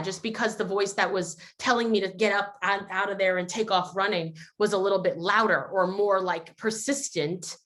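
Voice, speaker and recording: A woman's voice: lowish voice, a bit bright. Earnest woman hosting a video call. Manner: earnest, reflective, acts out quotes. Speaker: host. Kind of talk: casual reflective talk.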